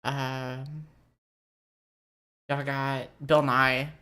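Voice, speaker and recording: A woman with a low, deep-set speaking voice, trading crude jokes as a podcast co-host. She riffs loosely and swears freely in relaxed conversation. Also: drawn-out words, clear, resonant tone. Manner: profane, joking, riffing. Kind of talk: casual chat.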